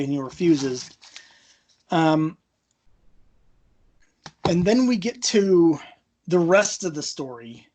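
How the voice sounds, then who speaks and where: A man hosting a casual comic book discussion, retelling scenes with quoted lines and frequent ums. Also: high voice. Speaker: podcast host.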